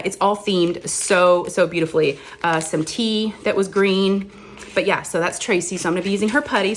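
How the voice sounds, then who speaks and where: A woman's voice: fairly low pitch, slight background noise. A woman chatting casually as host of a crafting vlog, rambling and self-deprecating.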